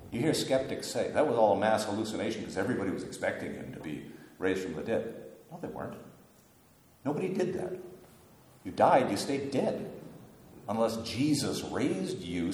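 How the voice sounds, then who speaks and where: A man preaching a sermon, telling a story in an animated way with wry humorous asides. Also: medium pitch. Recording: echoey hall with long reverb.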